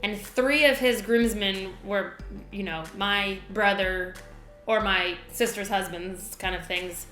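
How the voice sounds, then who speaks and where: A young woman co-hosting a couple's vlog, chatting casually in a relaxed, halting way. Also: medium pitch, reverberant, faint music behind. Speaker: vlog co-host. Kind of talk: casual chat.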